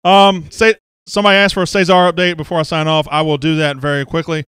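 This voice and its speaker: Man, show host, teasing, rambling, smooth voice, dry close sound. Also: a little high, level tone, fast talker, a bit bright, no room sound. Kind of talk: casual show chat. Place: studio office.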